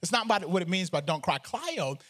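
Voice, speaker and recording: A man, a pastor, preaching a sermon in an animated, conversational way with humor and repeated phrases. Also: high voice, fairly quick.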